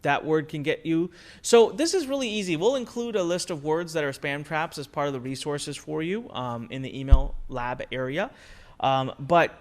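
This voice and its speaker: A man with a somewhat high voice teaches a recorded marketing lesson. He talks in an energetic, conversational way, leaning hard on key words and throwing out rhetorical questions. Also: moderate pace. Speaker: online marketing instructor.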